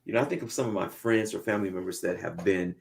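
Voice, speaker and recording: A man co-hosting a casual talk show, telling lively stories and acting out the voices in them. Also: low-pitched, fast, vocal fry. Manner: lively storyteller who acts out voices in his anecdotes. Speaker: podcast co-host. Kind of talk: casual chat, animated storytelling.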